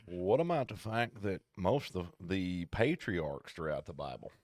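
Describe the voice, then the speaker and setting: A man co-hosting a casual podcast chat, talking in an animated, digressive, jokey way. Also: sits low, unhurried, dry recording, studio quality. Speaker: podcast co-host.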